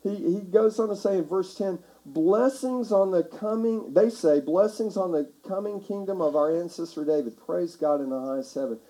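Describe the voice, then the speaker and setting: A man preaching a sermon as pastor, talking conversationally and building to shouts for emphasis. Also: high-pitched, moderate pace, hardly any pauses, low-quality recording. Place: church sanctuary.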